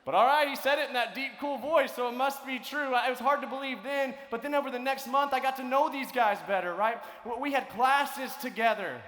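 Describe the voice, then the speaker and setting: A high-voiced man preaching to a crowd of students through stories. His delivery swings between loud, animated stretches and quiet, hushed ones. The voice echoes through a large hall with a long reverb. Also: normal speed. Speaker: conference speaker. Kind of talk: storytelling sermon to students.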